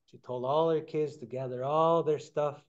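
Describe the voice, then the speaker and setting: A man retelling a traditional story during a lecture, relaxed and conversational, acting out the characters. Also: fairly high pitch, normal speed, highs cut off. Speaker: guest speaker.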